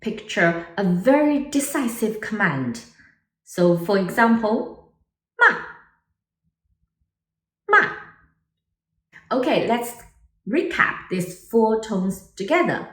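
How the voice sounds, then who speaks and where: Lively woman teaching Mandarin tones. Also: mid-range voice, takes it slowly, reverberant, distant mic. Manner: animated, exaggerated tone demonstrations. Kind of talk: online language lesson.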